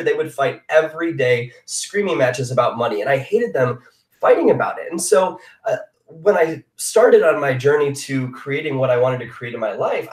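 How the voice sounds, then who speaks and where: Earnest man in a roomy, distant sound. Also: on the high side. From Chicago area. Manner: earnest, confessional, emphatic. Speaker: motivational speaker, former fitness coach. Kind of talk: personal story talk on a live online hangout.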